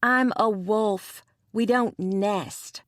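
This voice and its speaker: A woman voicing a young, excitable pregnant wolf shifter in an audiobook, bright and playful. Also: mid-range voice, very slow, no room sound, clean studio sound, voice pushed up. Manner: bouncy, playful.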